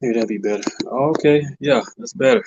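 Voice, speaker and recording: A man's voice: mid-range voice, fairly quick, creaky, darkish tone, husky, highs cut off. A man joining a livestream from a handheld phone, easygoing in casual chat, greeting the viewers. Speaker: livestream guest. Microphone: phone held in hand.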